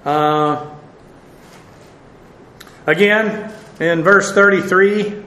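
A man with a high-pitched voice delivers a sermon in a loose, conversational manner, peppered with "uh" and off-hand asides. The room around him is echoey. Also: extremely slow, bright, forceful tone. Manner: conversational, folksy, with frequent "uh" and asides. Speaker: preacher.

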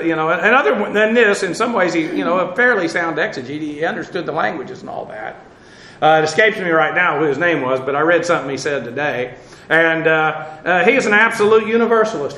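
A man's voice: sits high, bright, forceful tone, roomy sound, rough recording. Blunt, conversational male Bible teacher. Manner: blunt, conversational, many fillers and restarts. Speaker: preacher.

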